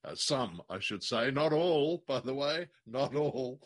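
A man co-hosting a podcast, thoughtful and wry, sometimes slowing down to make a point. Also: mid-range voice, expressive. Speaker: podcast co-host. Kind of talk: casual chat reviewing an old radio drama.

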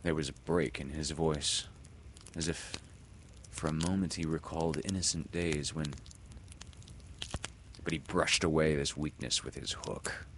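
A man reading a children's story aloud in an expressive, dramatic way. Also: very deep voice, measured pace, pauses often, a little hiss or hum.

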